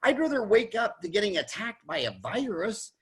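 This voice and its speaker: Forceful husky older man telling stories. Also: high voice. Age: 60s. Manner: animated storyteller, quick restarts, acts out quotes. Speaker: podcast host, dentist. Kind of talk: casual chat, storytelling.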